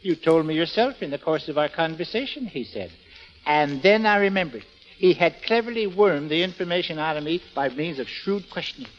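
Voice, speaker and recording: An actor playing an earnest, self-important husband in a 1930s radio comedy, telling stories in flowery words. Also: male voice, on the high side, animated, a little fast, soft background music, natural voice. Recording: dull old radio broadcast.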